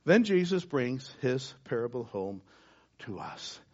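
Husky pastor with a lively, swinging delivery. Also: male voice, medium pitch, slow pace. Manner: dramatic shifts from loud emphasis to hushed near-whisper. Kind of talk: sermon. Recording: dull lo-fi sound.

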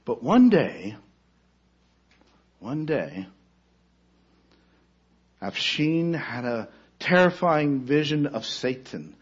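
A man preaching a sermon, telling a story dramatically, rising to loud cries and then falling to a near-hush. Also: medium pitch, big pitch swings, drawn-out words, pauses often, slightly rough, muffled recording.

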